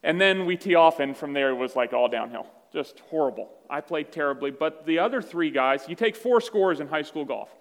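A man with a slightly high voice preaches in a conversational, self-deprecating storytelling manner. His words ring out with a long reverb through a large church hall. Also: animated, brisk, hardly any pauses. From Virginia, USA. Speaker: pastor. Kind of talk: sermon. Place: church sanctuary.

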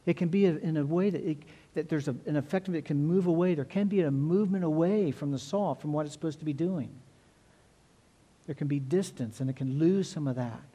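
Middle-aged male pastor, sermon, earnest and repetitive, slightly high, mellow voice. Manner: earnest, repeats words, stresses phrases slowly.

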